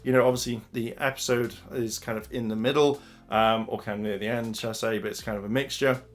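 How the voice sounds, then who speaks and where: Male reviewer, mid-pitched, loose and chatty, rambles with fillers. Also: fairly even intonation, quick pace. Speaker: episode reviewer. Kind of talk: casual spoken review.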